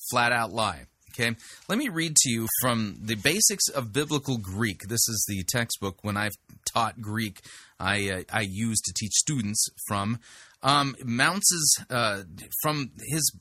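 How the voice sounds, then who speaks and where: Male host, emphatic critic, crisp bright tone, dry close recording. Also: mid-range voice, lively intonation, unhurried, no room sound. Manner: emphatic and indignant, with hesitant restarts. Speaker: podcast host rebutting a preacher. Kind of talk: critical commentary on played clips.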